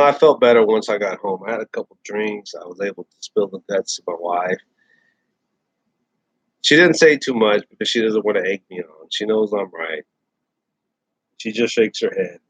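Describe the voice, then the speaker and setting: A man's voice: lowish voice, husky, no room sound. A man ranting bluntly in casual chat, repeating himself and restarting phrases as he talks. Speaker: host. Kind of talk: casual rant to camera. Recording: dull lo-fi dry sound.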